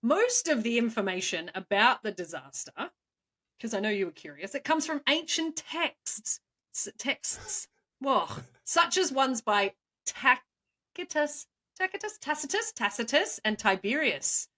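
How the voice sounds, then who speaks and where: A woman's voice: on the high side, lively intonation, pushed and bright. Giggly woman telling stories. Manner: playful, laughs often, quick asides. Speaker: co-host, storyteller. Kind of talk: casual chat.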